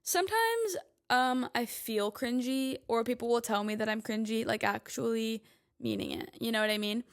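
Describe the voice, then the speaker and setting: A woman's voice: on the high side, normal speed. A woman in her twenties talking casually to her audience as a podcast host, chatty and emphatic, with lots of "like" fillers. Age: 20s. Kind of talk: casual monologue.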